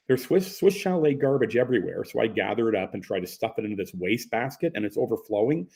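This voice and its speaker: A man reading a first-person story aloud in a relaxed storytelling way. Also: on the low side, quick pace, vocal fry, few pauses. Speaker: narrator. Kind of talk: first-person audiobook narration.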